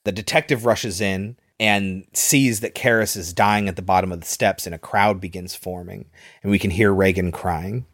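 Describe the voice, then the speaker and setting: Man, low voice, casual film recap host, dry close sound. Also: steady tone, normal speed, a bit bright, no room sound. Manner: loose storytelling with fillers.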